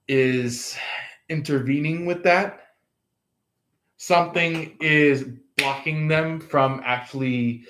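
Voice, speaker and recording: A man's voice: medium pitch, a bit bright. A man giving a casual tarot reading, rambling with many fillers and restarts. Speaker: tarot reader.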